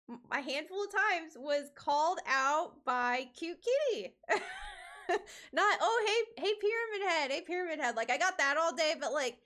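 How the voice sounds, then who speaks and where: A woman's voice: sits high, pushed and bright. A woman cosplayer chatting casually on her stream, rambling, with many fillers and restarts.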